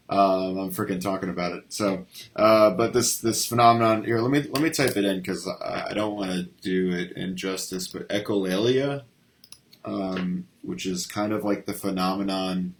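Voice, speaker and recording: A man hosting a casual stream discussion, talking haltingly with lots of fillers and restarts. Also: low-pitched, a little hiss or hum.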